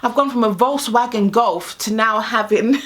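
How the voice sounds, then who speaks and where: A pregnant woman, chatting candidly to camera, animated and often laughing, and a little short of breath. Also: on the high side, moderate pace. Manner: animated storyteller, laughs often, acts out quoted voices. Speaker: vlogger sharing pregnancy experiences. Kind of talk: casual candid chat to camera.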